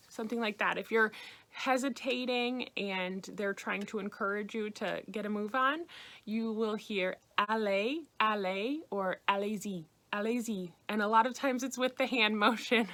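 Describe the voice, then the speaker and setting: American woman, host of a travel phrase lesson, casual and clear, repeats each phrase. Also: mid-range voice, a bit bright. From United States. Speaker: French teacher for travelers.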